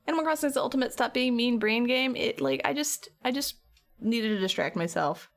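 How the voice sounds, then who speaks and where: A woman's voice: on the high side, lively intonation, a little fast. A tired young woman streamer chatting with viewers, rambling through a story and acting out her own quotes. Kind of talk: casual chat with stream viewers.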